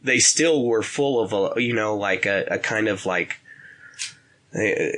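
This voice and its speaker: A young man, a podcast guest who used to fight, telling stories in a halting, rambling way with frequent laughs. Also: lowish voice, fairly bright tone. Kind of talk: casual chat.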